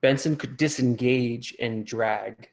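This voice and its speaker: A man running a tabletop roleplaying session, his mid-pitched voice carrying a gravelly fry. He narrates and rules in a relaxed, chuckling way. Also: slow pace. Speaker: game master.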